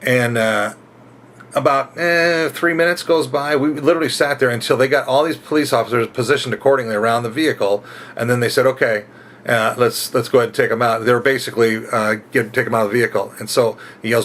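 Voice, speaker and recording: A middle-aged man, a rideshare driver, telling a story in a rambling casual way, with restarts and shouted quotes acted out. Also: mid-range voice, fairly even intonation, quick pace. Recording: faint ambient noise behind.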